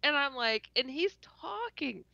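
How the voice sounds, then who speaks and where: Woman guest telling her story, laughs a lot, acts out her reactions, raspy fry in the voice, dry lo-fi call sound. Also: high voice, a little slow, no room sound. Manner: animated, laughing often, stuttering, acting out her own reactions. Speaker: podcast guest. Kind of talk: casual storytelling in an interview.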